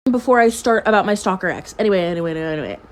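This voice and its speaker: A woman's voice: medium pitch, animated, racing. A very tired young woman at home telling a messy personal story in casual chat, swearing freely and laughing often. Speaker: storytime vlogger. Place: at home with her cat.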